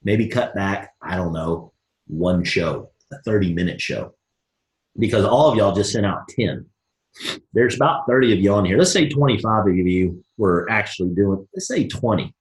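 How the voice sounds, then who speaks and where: A man leading a live motivational coaching call, energetic and acting out both sides of sample conversations. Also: deep voice, moderate pace, echoey room. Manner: energetic, folksy, acts out both sides of dialogues. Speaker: network marketing team leader.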